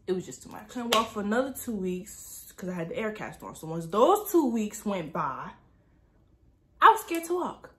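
A young woman vlogger telling a personal story in a casual, animated way, full of asides. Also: medium pitch, normal speed. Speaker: lifestyle vlogger.

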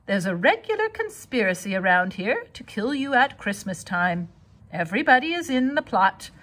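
A woman's voice: medium pitch, big pitch swings, moderate pace, a bit bright. A woman voicing a blunt, gloomy old sheep. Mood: grim. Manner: blunt, matter-of-fact.

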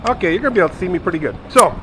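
A man's voice: high-pitched, expressive, rapid-fire, background noise. A retired man in his sixties chatting casually and rambling to viewers while he cooks in his home kitchen. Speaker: vlogger. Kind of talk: casual home cooking vlog.

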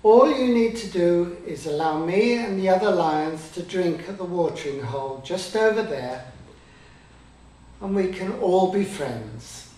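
A man voicing a big lion in a storybook tale, speaking calmly and persuasively. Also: high voice, unhurried. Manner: calm and persuasive. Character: big male lion, calm and smooth-talking. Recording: echoey room.

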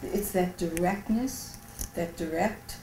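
A woman's voice: lowish voice, slow pace, dark tone, a little hiss or hum. A woman with a New York accent gives a reflective documentary interview and searches for her words. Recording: roomy echoey room.

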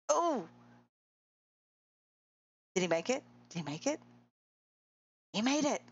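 A woman streamer giving excitable, giggly live commentary on a game race and cheering the players on. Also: on the high side, measured pace, pauses often, lo-fi sound.

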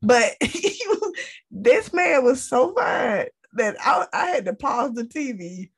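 A woman co-hosting a casual chat, excitable and quick to laugh. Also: high-pitched, slightly rough. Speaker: podcast co-host.

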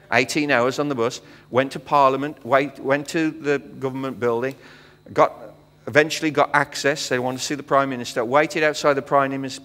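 British man, middle-aged missionary guest preacher; animated storyteller, mid-range voice, recorded in a reverberant sanctuary. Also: medium pitch. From Britain. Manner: animated storyteller acting out dialogue, frequent fillers. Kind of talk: storytelling sermon. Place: church sanctuary. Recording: long hall reverb.

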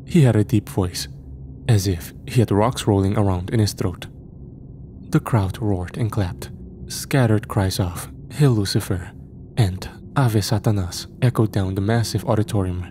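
Low, mellow male horror narrator. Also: slight background noise. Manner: measured, grim storytelling.

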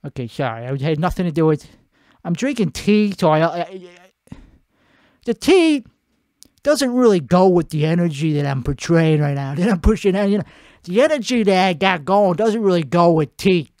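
A man's voice: sits high, lively intonation, moderate pace, a little mellow, dry recording, studio quality. A man hosting a comedy show, putting on an Italian-American accent, with a profane, rambling, self-mocking monologue recorded at home at night. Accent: put-on Italian-American.

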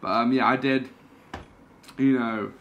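A young man, a podcast guest telling anecdotes in a casual, animated way, swearing and laughing as he goes. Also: medium pitch, unhurried, muffled recording. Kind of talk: casual storytelling.

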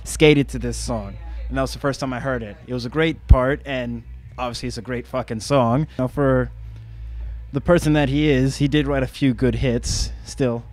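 A man's voice: mid-range voice, fairly even intonation, normal speed, a little mellow. A young man talking bluntly and cheekily about records, swearing freely. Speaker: shop visitor sharing records. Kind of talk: casual chat. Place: record shop in a venue.

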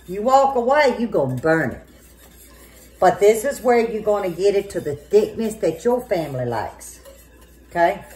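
A woman, chatting folksy and warm to her viewers while she cooks in her kitchen. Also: medium pitch, very animated, moderate pace. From southern United States. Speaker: home cooking vlogger. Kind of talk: casual cooking demonstration. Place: home kitchen at the stove.

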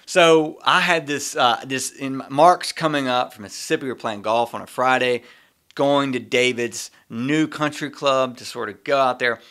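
Middle-aged male podcast co-host with a bright, forceful voice. He tells casual, lively anecdotes and laughs through them. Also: medium pitch, moderate pace. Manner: animated, laughs often while telling a story. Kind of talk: casual storytelling.

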